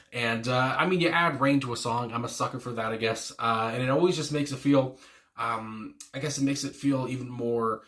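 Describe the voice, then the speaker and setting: A man's voice: medium pitch, a bit bright. A man hosting a music reaction video, talking casually and rambling with lots of fillers and restarts, gushing with enthusiasm.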